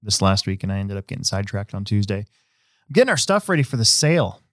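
A man hosting a casual podcast, talking in a rambling, relaxed way with many fillers and restarts. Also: fairly low pitch, fast, dry recording, studio quality. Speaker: host; hobby shop owner.

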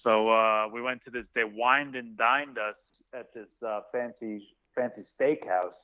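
A man's voice: mid-range voice, a little slow. A man tells loose, rambling stories in a casual podcast chat, stumbling and restarting as he goes. His voice comes through a narrow, tinny line, like a phone call. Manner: rambling, laid-back storyteller with stammers.

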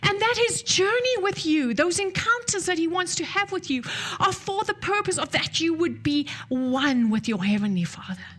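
A woman preaching a sermon, telling a story and dropping to soft near-whispers at tender moments. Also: very high-pitched, very animated, moderate pace, hardly any pauses.

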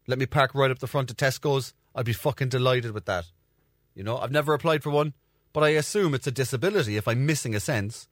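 A man talks alone into a dry, close microphone. His voice sits fairly low, and he rambles through his stories with a lot of swearing. He pokes fun at himself as he goes. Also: no room sound. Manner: sweary, self-mocking storytelling. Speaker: podcast host. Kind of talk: casual solo monologue.

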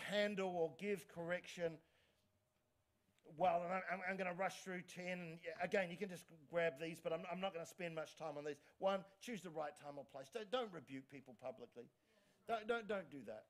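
A man preaches from the pulpit in a bright, high voice. He talks with lively energy, stumbles and restarts words as he goes, and keeps calling out for amens from the room. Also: normal speed. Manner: energetic, frequent restarts and stammers, calls for amens. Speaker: pastor. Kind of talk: sermon.

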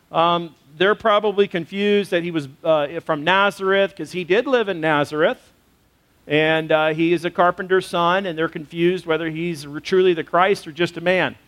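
Male pastor with a high voice, preaching casually and talking straight to the congregation. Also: a bit bright. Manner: conversational preaching with fillers and rhetorical questions. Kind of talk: sermon.

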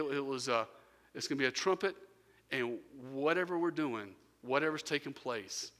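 Bright-voiced preacher in a reverberant hall. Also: male voice, mid-range voice. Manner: storytelling preacher, swings from quiet to loud bursts. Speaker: pastor. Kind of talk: sermon.

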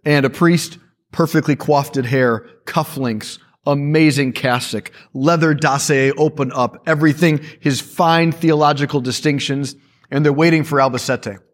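A male priest speaking to a church audience, telling stories in a lively way with quick asides. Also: on the high side.

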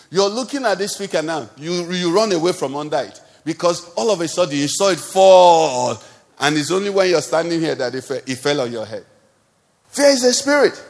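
A man with a Nigerian accent preaching a sermon as pastor, building up with repeated refrains. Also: high voice. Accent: Nigerian English. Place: church service.

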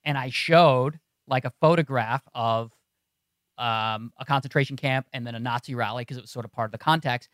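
A man co-hosts a podcast in casual chat, telling stories emphatically and restarting often. His medium-pitched, fairly bright voice moves at a moderate pace, recorded clean in a podcast studio with no room sound.

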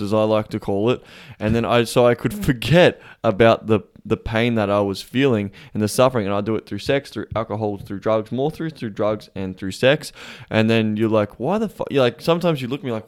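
A male podcast host talks in a blunt, heavily profane way, and he gets animated when telling stories. His voice sits at a middle pitch and sounds smooth and clear. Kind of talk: casual conversation.

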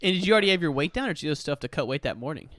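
A man's voice: on the high side, lively intonation, rapid-fire, fairly bright tone, no echo, studio quality. A man hosting an interview, asking questions in a casual, friendly way. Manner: casual, friendly, says "dude". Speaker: podcast host.

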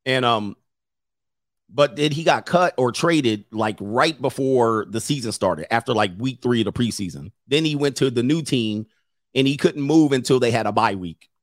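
A man's voice: medium pitch, animated, normal speed, no room sound, studio quality. A middle-aged man hosting a livestream, telling stories casually, laughing often and acting out other people's voices. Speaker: livestream host.

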